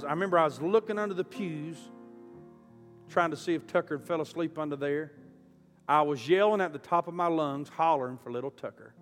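A man preaching a storytelling sermon, impassioned and surging from quiet to loud. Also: on the high side. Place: church auditorium. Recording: reverberant hall with soft music.

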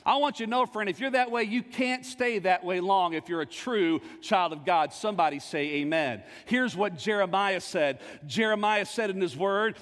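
A male pastor preaching a fervent sermon with call-and-response, surging into shouts. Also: high-pitched, animated, normal speed, hardly any pauses. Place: church sanctuary. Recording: long reverb of a church sanctuary.

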